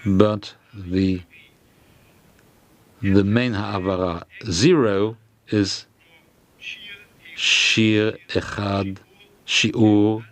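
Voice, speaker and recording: Slow, hesitant male lecturer. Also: fairly low pitch, flat delivery. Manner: slow and hesitant, with frequent fillers and restarts. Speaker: lecturer on grammar. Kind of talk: halting lecture explanation.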